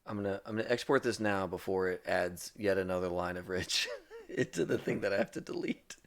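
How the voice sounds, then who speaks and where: A man's voice: low-pitched, sing-song, brisk. A man chatting effusively on a charity game stream, laughing often as he sorts through the giveaway list. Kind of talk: casual chat on a charity stream.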